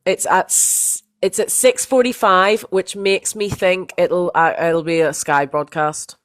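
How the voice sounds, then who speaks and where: A woman's voice: lowish voice, steady tone, unhurried. Woman, podcast co-host, casual football chat, fillers and restarts. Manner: chatty, lots of fillers and restarts.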